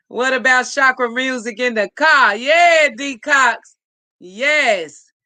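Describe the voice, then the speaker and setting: A woman's voice: sits high, takes it slowly, pushed and bright, no echo. A woman hosting a casual live stream, reading viewer comments aloud in an upbeat, effusive way.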